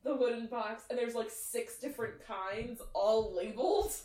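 A woman's voice: a little high, normal speed, a little mellow, echoey room, far from the mic, low-quality recording. A woman narrating as game master of a tabletop game, rambling with many fillers.

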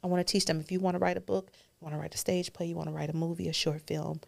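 A woman's voice: on the low side, level tone, very fast, vocal fry. A woman guest on a podcast, telling her story earnestly and emotionally, dropping to a whisper at key moments.

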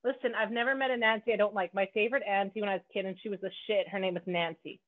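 A woman's voice: mid-range voice, steady tone, very fast. A woman from Canada hosting a podcast in casual chat, bubbly and joking, swearing freely. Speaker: podcast host. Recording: phone-like narrow band.

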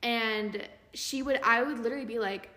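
A woman's voice: a little high, normal speed, bright, forceful tone. A young woman co-hosting a podcast, telling a story in casual chat and filling her talk with "like". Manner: chatty, heavy use of "like" fillers. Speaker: podcast co-host. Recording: echoey room with long reverb.

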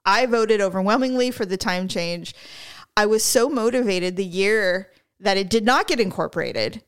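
A woman hosting a podcast in casual chat, ranting in a sarcastic, animated way from a studio mic. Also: mid-range voice, normal speed, clean tone. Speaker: podcast host.

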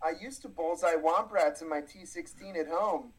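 A man's voice: fairly high pitch, moderate pace, heavy background noise. A man co-hosting a podcast in casual comedic chat, tossing out quips and questions. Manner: joking, throws in quips and questions. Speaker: podcast co-host.

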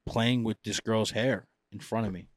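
A man's voice: on the low side, fairly even intonation, moderate pace, no echo, clean studio sound. A man co-hosting a podcast, rambling through a memory with lots of fillers. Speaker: podcast co-host. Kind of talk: casual chat.

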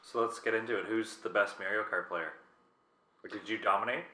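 A man's voice: fairly low pitch, steady tone, fairly quick, a crowd in the background. A male podcast host casually prompting his guest with laid-back questions. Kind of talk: casual interview. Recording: roomy echo.

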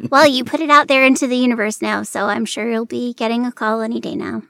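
A woman's voice: fairly high pitch, steady tone, quick pace, sharp tone, no room sound, studio quality. A woman interviewing a fellow voice actor, asking casual, friendly and teasing questions.

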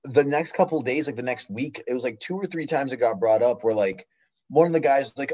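A man's voice: mid-range voice, fast, a little mellow. A man in his twenties, co-hosting a podcast in casual chat, rambling with many fillers and restarts. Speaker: podcast co-host.

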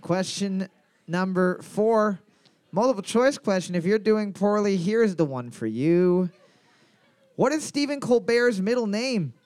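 A man's voice: high voice, expressive, measured pace, darkish tone, smooth, dry recording. A man hosting a trivia night, reading each question twice and joking between rounds. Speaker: trivia quiz host.

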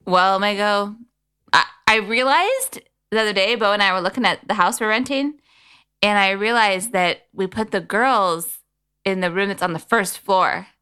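Brief: woman co-host, thirties, bright tone, loose self-deprecating banter. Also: mid-range voice, moderate pace, smooth. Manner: chatty, self-deprecating, laughs easily. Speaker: podcast co-host. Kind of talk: casual chat.

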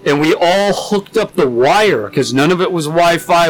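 A young man telling stories in a casual podcast chat, animated and swearing a lot. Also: fairly high pitch, moderate pace, rough recording. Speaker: podcast co-host.

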